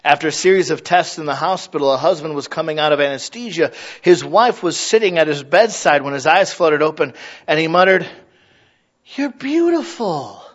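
High-voiced animated male preacher. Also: fairly quick, lo-fi sound. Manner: animated, mimics voices for illustrations. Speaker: pastor. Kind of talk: sermon.

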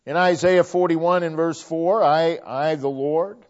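Slow, high-voiced preacher, lo-fi sound. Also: male voice, fairly even intonation. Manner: emphatic, drawn-out delivery with frequent Bible quotations. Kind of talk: sermon. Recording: dull lo-fi sound.

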